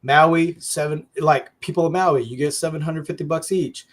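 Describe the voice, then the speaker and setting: Man, co-host, casual debate, fairly high voice, insistent and repetitive. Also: fairly even intonation, moderate pace. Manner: insistent, repeats his points, stumbles over restarts.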